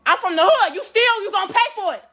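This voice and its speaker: An angry woman with a very high, piercing voice, hurling curses and threats in a heated confrontation. She keeps repeating her demands and rarely lets up. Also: lively intonation, fast, fairly bright tone. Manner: angry, profane, threatening, repetitive. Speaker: confronting a neighbor over theft. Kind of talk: heated confrontation filmed on a phone.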